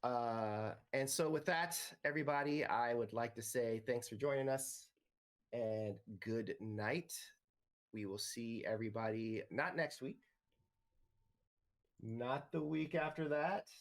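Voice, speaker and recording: A man running a tabletop game as game master, talking in a relaxed way with many ums and uhs. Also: medium pitch, slow.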